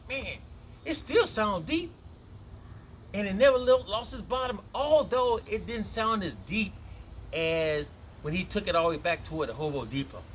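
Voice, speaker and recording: A man teaching bass guitar, talking loosely and repeating phrases as he demonstrates tones, with bass notes played between his lines. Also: a little hiss or hum, poor audio. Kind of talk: casual instrument demonstration. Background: bass guitar playing between lines.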